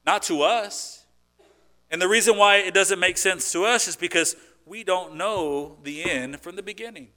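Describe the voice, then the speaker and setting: A high-voiced man preaches at normal speed as a pastor. He chats with the congregation, asks rhetorical questions, and moves back and forth between loud emphasis and soft asides.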